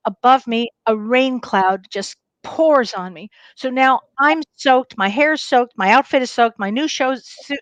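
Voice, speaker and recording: A middle-aged woman co-hosting a talk show, telling a personal story in a lively, animated way. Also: on the high side, no room sound, poor audio. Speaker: co-host. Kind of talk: casual chat, personal storytelling.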